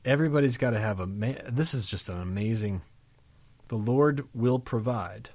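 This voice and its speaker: A man's voice: mid-range voice, moderate pace, darkish tone, no echo. A man preaching a sermon in a conversational, emphatic way, often putting questions to his listeners. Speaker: pastor.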